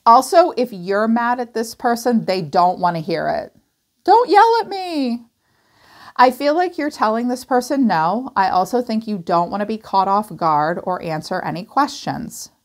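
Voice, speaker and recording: A woman's voice: mid-range voice, animated, normal speed, hardly any pauses. A woman giving a casual, chatty tarot reading, acting out quoted voices and swearing now and then. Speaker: tarot reader.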